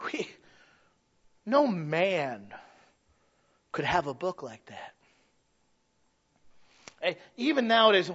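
Bright-voiced preacher man, loud and soft. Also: high voice, very animated, slow pace, pauses often, lo-fi sound. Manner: swings from hushed to shouting, conversational with stumbles. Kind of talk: sermon.

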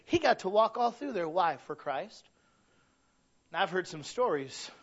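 A middle-aged man from Michigan, preaching a sermon in a conversational way that swings from quiet asides to loud, emphatic peaks. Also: high-pitched, big pitch swings, normal speed, highs cut off. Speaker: pastor.

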